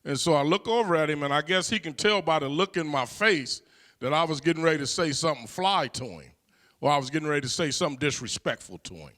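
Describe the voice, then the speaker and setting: Slightly high-voiced man telling his story. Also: lively intonation, quick pace, fairly bright tone. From California. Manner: conversational, frequent "you know" fillers. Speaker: guest. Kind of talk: personal storytelling.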